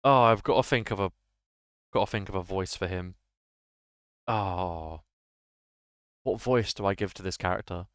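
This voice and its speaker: A man's voice: low voice, moderate pace, pauses often, a bit bright, clean tone, no room sound, clean studio sound. Chatty male game streamer. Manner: chatty, laughs often, many fillers. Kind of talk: casual gaming commentary.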